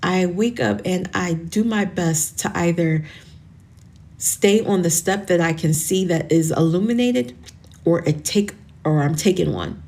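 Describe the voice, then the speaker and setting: Woman in her forties, motivational podcast host, earnest and tearful, lowish voice. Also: a little slow, darkish tone. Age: 40s. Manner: earnest, encouraging, calls listeners honey. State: tearful, emotional.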